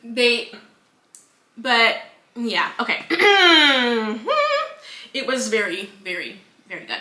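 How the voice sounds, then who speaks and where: A woman's voice: fairly high pitch, unhurried, bright, forceful tone, roomy sound. A woman co-hosting a book review podcast, retelling the plot in casual chat with acted-out quotes and swearing. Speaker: podcast co-host.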